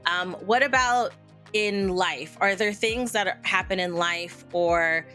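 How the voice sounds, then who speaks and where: A woman's voice: lowish voice, slow, sharp tone, faint music behind. A woman hosting a podcast, asking questions in a chatty, gushing way with many fillers. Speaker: podcast host. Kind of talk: casual podcast interview.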